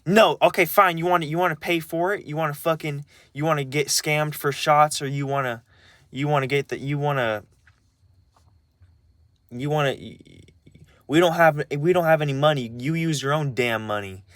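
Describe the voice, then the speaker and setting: A young man imitating his angry old grandfather, who shouts and sputters as he repeats himself. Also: a little high, normal speed, no room sound, studio quality, pitched above the performer's own voice, lightly acted. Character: angry old grandfather snapping about money.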